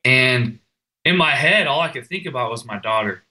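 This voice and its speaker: A man's voice: mid-range voice, animated, moderate pace, bright, forceful tone, rough recording. A young man telling an earnest, emotional personal story as a firefighter guest in a podcast conversation.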